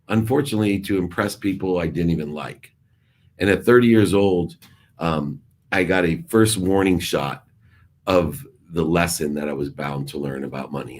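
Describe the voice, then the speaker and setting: Husky low-voiced man telling his story. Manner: emphatic, swings from loud bursts to hushed asides, acts out quoted exchanges. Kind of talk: personal storytelling talk.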